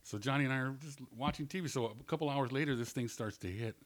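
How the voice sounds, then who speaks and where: A man spinning a casual comedy anecdote at a middle pitch, loose and animated. He laughs through the telling and acts out the voices of the people in it. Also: quick pace. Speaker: comedian, guest. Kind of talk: casual storytelling.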